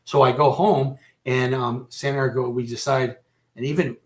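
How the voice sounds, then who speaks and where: Halting, emotional male radio guest. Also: medium pitch, steady tone. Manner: halting, repeats and restarts phrases; emotional, close to breaking down. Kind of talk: personal storytelling in a radio interview.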